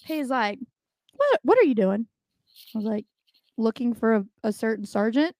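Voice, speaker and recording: A young woman with a fairly high voice, talking bluntly and swearing freely as she co-hosts a casual podcast. She laughs often between stories. The sound is dry and close. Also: very animated, normal speed, darkish tone, no room sound. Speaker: podcast co-host.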